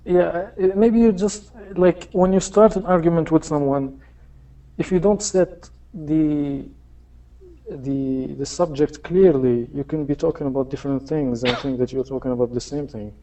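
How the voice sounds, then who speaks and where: Hesitant caller with a mellow voice. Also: male voice, fairly high pitch, normal speed, recorded from a distance, poor audio. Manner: hesitant, stumbling, repeating himself. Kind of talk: casual call-in debate.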